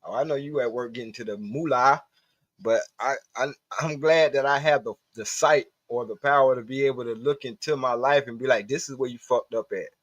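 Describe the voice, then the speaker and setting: A man's voice: medium pitch, a little fast, fairly bright tone, no room sound. Profane man rambling on a stream. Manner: profane, rambling, talks to chat. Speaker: live stream host. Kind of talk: casual livestream monologue. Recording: dull, dry lo-fi stream audio.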